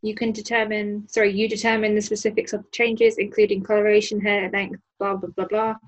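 Mulher jogadora, voz rouca e risonha. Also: female voice, medium pitch, level tone, a little fast, rough recording. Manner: giggly, apologetic. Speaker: player. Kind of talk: casual tabletop role-play.

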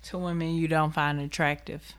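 Woman podcast co-host, smooth clear voice, slow and low-pitched, brief interjections. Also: flat delivery, fairly bright tone. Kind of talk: casual podcast chat.

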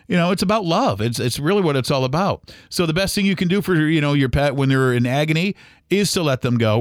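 A man's voice: on the high side, dry recording, clean studio sound. A man hosting a podcast, talking in a heartfelt, casual monologue, earnest and rambling with many fillers and restarts. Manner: speaks of faith gently and sincerely. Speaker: podcast host.

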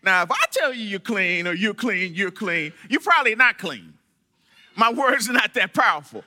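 A man preaching a sermon to his church, animated, with dramatic pauses and quoted voices. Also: high voice. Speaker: church member giving a sermon.

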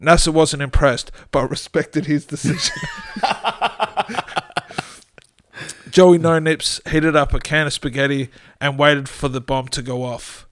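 A man's voice: fairly high pitch, takes it slowly, fairly bright tone, dry recording. A man with an Australian accent reading his own comic short story aloud on a storytelling podcast, often breaking into laughter. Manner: reads with frequent laughter breaking through.

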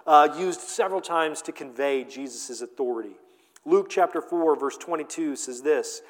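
A man preaching a sermon as a pastor, animated and conversational, with playful asides. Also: on the high side. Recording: long hall reverb.

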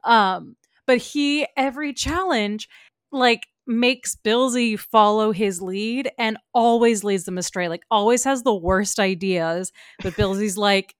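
A woman co-hosts a laid-back pop culture podcast, gushing with quick laughs. Her voice comes through smooth and clear, recorded close and dry with no room sound. Her pitch sits in a mid range. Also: dry recording. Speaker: podcast co-host. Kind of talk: casual pop culture chat.

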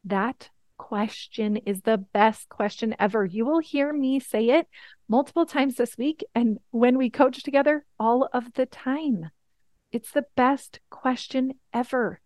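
A woman's voice: on the high side, a little slow, darkish tone, dry recording. A woman in her thirties teaching a coaching webinar, earnest and encouraging, often checking in with "right?". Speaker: life coach.

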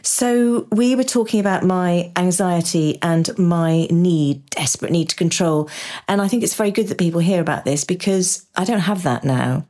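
A woman's voice: lowish voice, normal speed, few pauses, mellow. A woman hosting a podcast, chatty and self-deprecating, acting out her own inner voice as she tells stories. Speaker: podcast host. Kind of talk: conversational podcast interview.

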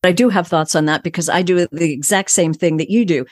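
An older woman speaks as a voice coach in a calm, assured, teaching way. Her voice sits low for a woman. The sound is dry and close, with no room around it. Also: brisk, no room sound. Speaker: voice coach guest. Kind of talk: interview answers, coaching advice.

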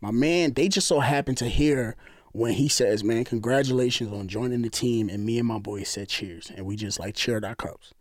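A man from the New York area telling a long story in casual chat, animated and acting out other people's lines. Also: medium pitch, normal speed, no echo, studio quality. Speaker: storyteller guest.

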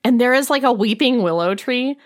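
A woman's voice: on the high side, expressive, a little fast. A young woman co-hosting a casual chat, telling a story and quoting the characters. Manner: chatty, quotes characters with voices. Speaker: podcast co-host.

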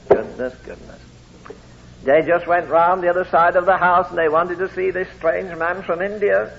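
High-voiced preacher on lo-fi tape. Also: male voice. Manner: anecdotal, acts out quoted voices. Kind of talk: sermon with storytelling. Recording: tinny phone-like lo-fi recording.

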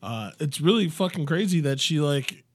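A man's voice: fairly high pitch, lively intonation, normal speed, no room sound, studio quality. A man in his thirties co-hosting a podcast in casual comedic chat, riffing crudely and swearing often. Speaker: podcast co-host.

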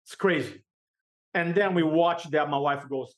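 Animated man telling a story. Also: fairly high pitch. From Brazil. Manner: animated, emphatic storyteller with vivid pauses. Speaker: podcast guest. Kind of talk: personal storytelling.

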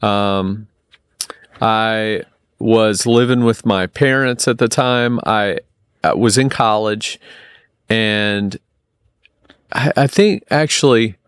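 A man in his thirties with a fairly low voice tells a personal story as a podcast guest. He halts and restarts, leaning on fillers as he searches for words. The sound is dry and close. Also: smooth, no echo. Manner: rambling, halting, many restarts and ums.

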